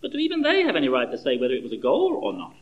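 Middle-aged preacher, chatty and animated, voice swooping all over, tells a story then asks the room questions. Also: male voice, mid-range voice, racing, dull audio. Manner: animated, conversational, rhetorical questions. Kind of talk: sermon with dramatic storytelling.

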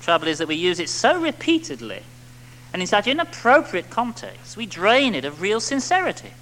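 Guy preaching, high bright voice, bouncy, keeps asking "isn't it?". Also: normal speed, slight background noise, low-quality recording. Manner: animated, rhetorical tag questions, acts out little quotes. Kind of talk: sermon.

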